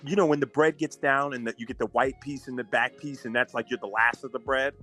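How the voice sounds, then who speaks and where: A male podcast host telling animated, profane stories with a lot of laughter, with faint music behind. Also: mid-range voice, brisk. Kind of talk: casual storytelling chat.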